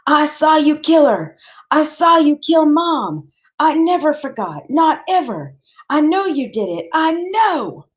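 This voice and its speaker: A woman voicing a desperate teenage boy who shouts and pleads at his father in an audiobook. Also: sits high, very animated, slow pace, pitched above the performer's own voice, exaggerated voice. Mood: desperate screaming.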